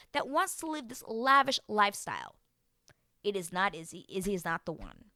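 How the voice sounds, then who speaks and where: A woman hosting a casual reality TV recap, animated, acting out what the people she describes said. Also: mid-range voice, moderate pace, no room sound, clean studio sound. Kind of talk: casual chat.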